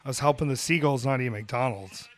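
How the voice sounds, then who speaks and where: A man's voice: medium pitch, fairly quick. A man hosting a podcast in casual chat, telling rambling, jokey stories about wrestling.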